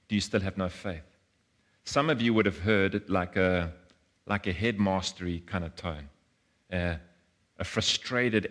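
A man's voice: lowish voice, fairly bright tone. A man, preaching a sermon in an earnest way, often repeating words and acting out voices. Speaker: pastor.

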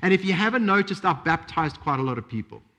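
A man's voice: on the high side, expressive, fast talker, pushed and bright. A man preaching puts on an offhand voice for a prophet who talks himself up. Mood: boastful. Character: John the Baptist imagined bragging, grown man.

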